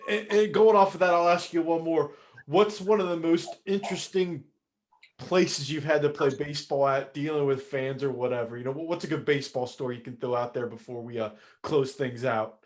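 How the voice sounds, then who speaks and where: A man's voice: a little high, fairly even intonation. A man hosting a podcast, asking questions and joking in casual interview chat. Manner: friendly, joking, quick asides. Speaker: podcast host.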